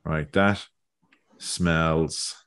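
A man's voice: extremely low pitch, steady tone, extremely slow, fairly bright tone, clear, resonant tone. A man hosting a casual language lesson over a video call, thinking aloud and repeating words as he goes. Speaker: Irish learning video host.

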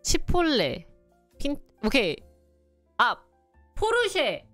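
A woman's voice: mid-range voice, sing-song, moderate pace, no room sound, faint music behind. A woman streamer in casual live-stream chat, laughing often as she reads lists aloud and tries out pronunciations. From Korea. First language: Korean.

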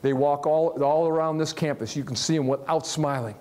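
Man, motivational speaker from Ohio, slightly high voice, lively and joking with the room. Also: a little fast. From Ohio, USA. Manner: animated, jokey, asks the audience questions. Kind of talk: live motivational talk to an audience. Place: large hall with a live audience.

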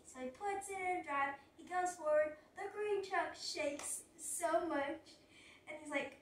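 A woman's voice: sits high, fairly even intonation, moderate pace, sharp tone, distant mic. Young woman chatting thru a long story, rambly, echoey room. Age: young adult. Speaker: vlogger. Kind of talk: casual storytime. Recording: roomy sound from away from mic.

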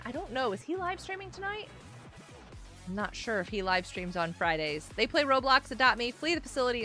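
A woman live-streaming a game, chatting excitably with viewers, greeting them by name and often laughing and gasping. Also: high voice. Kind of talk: live-stream gameplay chat.

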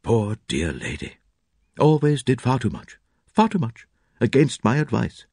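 A man voicing a fussy, portly little country doctor who murmurs slowly and self-importantly. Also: mid-range voice, big pitch swings, dark tone, slightly rough, no room sound, clean studio sound, pitched above the performer's own voice, full character voice. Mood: pompous sorrow.

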